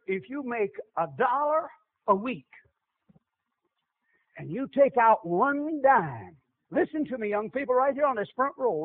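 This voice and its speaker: Preacher guy, really high lively voice, hammering points over and over, sounds like a tinny phone line. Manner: emphatic, repetitive preaching cadence. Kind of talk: sermon.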